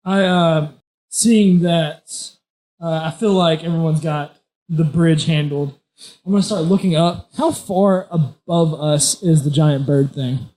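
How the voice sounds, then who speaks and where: A man with a slightly high voice plays a tabletop game. He explains his moves quickly and eagerly, with a few stumbles. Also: mellow. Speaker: player. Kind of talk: casual tabletop game chat.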